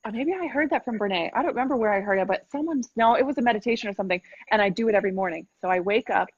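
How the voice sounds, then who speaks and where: A woman's voice: medium pitch, very fast, no echo, muffled recording. A woman business coach giving a blunt, emphatic pep talk, swearing freely, over a video call. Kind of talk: motivational interview talk.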